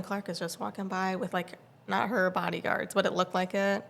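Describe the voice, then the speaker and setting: A woman in her thirties tells a story in a casual podcast chat, her voice carrying a gravelly fry. She gets animated as she goes and acts out the lines of the people she met. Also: lowish voice, moderate pace. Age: 30s. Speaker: podcast co-host.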